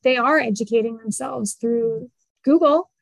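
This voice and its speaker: A woman's voice: fairly high pitch, unhurried, gravelly, no room sound, rough recording. A woman guest on a podcast, talking earnestly and encouragingly about parenting. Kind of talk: conversational interview.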